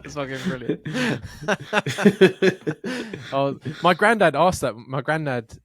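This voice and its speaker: A man's voice: on the high side, slow pace, fairly bright tone. A man co-hosting a podcast, chatting casually in a mumbling, sweary way. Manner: mumbling, sweary, laughs along. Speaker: podcast co-host. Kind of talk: casual chat.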